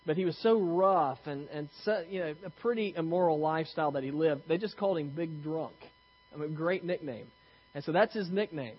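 A man's voice: on the high side, brisk, slightly rough, lo-fi sound. Man preaching a casual, joking sermon. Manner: conversational, self-deprecating storytelling with frequent restarts. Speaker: pastor.

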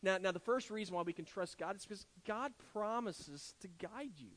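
A man's voice: high voice, lively intonation, moderate pace, fairly bright tone. A middle-aged man, preaching a sermon in an earnest, conversational way with frequent restarts. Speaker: pastor.

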